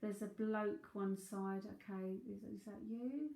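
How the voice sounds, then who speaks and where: A woman's voice: medium pitch, fairly even intonation, a little slow, gravelly, dark tone. A woman with a London Cockney accent giving a live psychic reading, chatty and thinking aloud with frequent laughs. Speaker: psychic medium. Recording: roomy echo.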